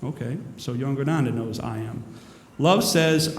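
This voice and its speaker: A minister speaks to a crowd in a large hall, rambling and self-mocking as he moves between jokes and spiritual points. His mid-pitched voice rings with long reverb, and a faint hiss lies underneath. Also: moderate pace, few pauses. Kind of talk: humorous inspirational talk. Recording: echoey hall with faint noise.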